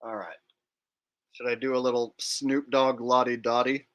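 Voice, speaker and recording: A man's voice: mid-range voice, flat delivery, normal speed, fairly bright tone. A man hosting a livestream, chatting casually and reading comments aloud in a laid-back way. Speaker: livestream host.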